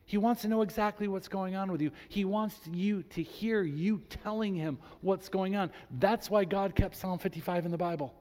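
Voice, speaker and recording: A man's voice: high voice, normal speed, hardly any pauses. Man preaching in a reverberant hall. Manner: animated preaching, reads scripture aloud with emphasis. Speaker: pastor. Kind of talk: sermon. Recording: long reverb in a large hall.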